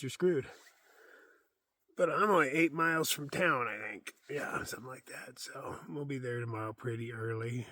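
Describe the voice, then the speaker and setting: A man's voice: lowish voice, fairly bright tone. A man vlogging casually outdoors from his hammock camp, rambling and self-deprecating, often trailing off into a mumble. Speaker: solo thru-hiker vlogger. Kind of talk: casual outdoor vlog monologue.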